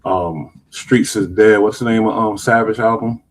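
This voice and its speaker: A man's voice: on the low side, fairly even intonation, normal speed, a little hiss or hum, poor audio. A man hosting a show, reacting to clips in loose slang and rambling, casual commentary. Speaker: show host.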